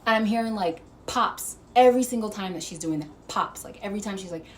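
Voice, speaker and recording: A woman vlogger telling a story to camera, animated and profane, laughing as she goes. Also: medium pitch, fairly quick, hardly any pauses, slight background noise. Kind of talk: casual storytime monologue.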